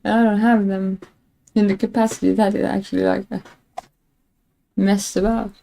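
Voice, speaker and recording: A woman's voice: medium pitch, little pitch movement, normal speed, creaky, dark tone, rough recording. A woman streamer chatting casually and rambling, laughing at herself while frustrated with her stream setup. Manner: rambling, self-mocking, laughs often; frustrated with tech. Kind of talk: casual live-stream chat.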